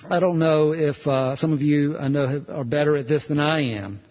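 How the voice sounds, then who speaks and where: A man's voice: a little high, moderate pace, long reverb tail, muffled recording. A man preaching a sermon in a conversational, storytelling way, restarting phrases as he goes.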